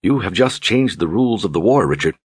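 A gentle, thoughtful young woman speaks softly and calmly, voiced by a male narrator. The tone is husky and the sound dry and close, like a fantasy audiobook. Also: sits low, brisk, no room sound, full character voice. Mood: solemn.

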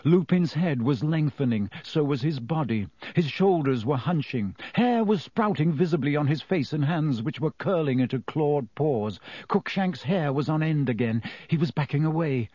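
A man reading a novel aloud as an audiobook narrator in a measured, steady storytelling manner. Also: on the high side, no echo. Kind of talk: scripted narration.

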